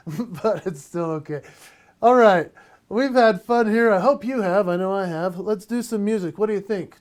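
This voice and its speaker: A man's voice: high-pitched, darkish tone. A man doing a playful, self-mocking comic monologue from his home office and laughing at his own jokes. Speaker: comedian and entertainer.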